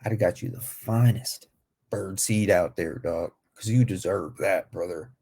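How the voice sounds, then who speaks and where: A man's voice: sits low, unhurried, mellow, slightly rough. A man reacting to a story video from home, bantering and joking in slang with lots of "bro" and "dog.". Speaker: YouTube reaction host. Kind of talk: casual reaction commentary. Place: living room.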